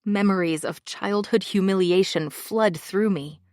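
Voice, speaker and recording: A woman's voice: on the low side, measured pace, hardly any pauses, dry recording, clean studio sound. A woman narrating a thriller audiobook in the first person, in an intimate, confessional manner.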